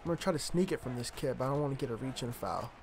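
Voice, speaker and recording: A man's voice: medium pitch, lively intonation, rapid-fire. A young man casually commentating his own basketball video game, muttering, swearing and trash-talking the players on screen. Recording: home recording with clear background noise.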